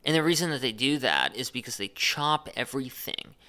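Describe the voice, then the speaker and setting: A man's voice: medium pitch, lively intonation, fairly quick, pushed and bright. Man talking in chopped, over-stressed phrases. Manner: chopped, overly emphasized phrasing; unedited, speaks off the cuff. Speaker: channel host. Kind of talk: deliberate monologue to camera.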